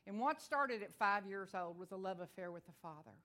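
A middle-aged woman from Texas with a country twang, preaching a sermon and telling her own testimony, fast-talking and rising to fervent declarations. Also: mid-range voice, animated. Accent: Texan. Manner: fervent, rises to loud declarations. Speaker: guest preacher.

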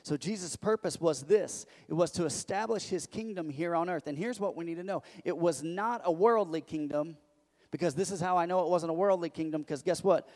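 A man preaching a sermon as pastor, emphatic and repetitive, building to loud declarations. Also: fairly high pitch, brisk. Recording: echoey hall.

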